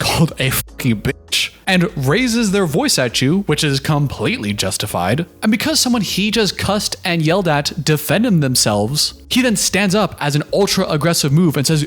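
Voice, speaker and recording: A man's voice: fairly high pitch, fairly bright tone. A man giving sarcastic, incredulous commentary on a reality show. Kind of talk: reaction commentary.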